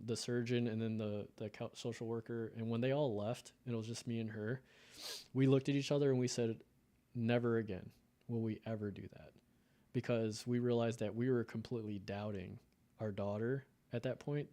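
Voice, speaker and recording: A man's voice: mid-range voice, fairly even intonation, moderate pace, dark tone. A man in his thirties from the United States, telling an emotional personal story in a casual podcast conversation. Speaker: podcast guest.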